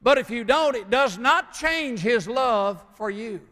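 Folksy older preacher in a reverberant church. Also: male voice, very high voice, lively intonation, bright, forceful tone. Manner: folksy, joking storyteller with frequent "uh" pauses. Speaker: pastor. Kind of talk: sermon. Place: church sanctuary.

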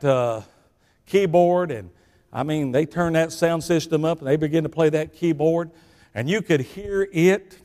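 An older man with a Southern US accent preaching a sermon, telling folksy stories that swing between shouting and hushed asides. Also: fairly high pitch, in a large hall.

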